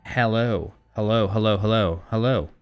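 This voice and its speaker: A man's voice: on the low side, normal speed, clean tone, faint music behind. A young man streaming, chatting casually in a rambling, profane, self-mocking way while fiddling with his mixer. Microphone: desk mic through a streaming mixer.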